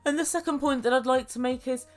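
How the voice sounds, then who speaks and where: A woman's voice: sits high, fairly even intonation, quick pace, faint music behind. A woman giving a sarcastic, swear-filled recap of a reality show, laughing at her own jokes. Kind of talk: casual commentary recap.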